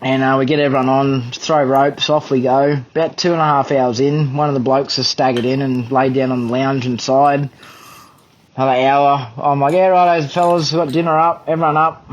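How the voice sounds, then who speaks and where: A man's voice: mid-range voice, little pitch movement, normal speed, lo-fi sound. A young Australian man telling a fishing charter story as a podcast guest, blunt, profane and often laughing. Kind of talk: casual anecdote telling.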